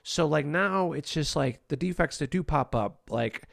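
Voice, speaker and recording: A man's voice: on the high side, animated, normal speed, gravelly, a bit bright, no echo, clean studio sound. A man hosting a candid conversation about recovery, blunt, profane and self-deprecating.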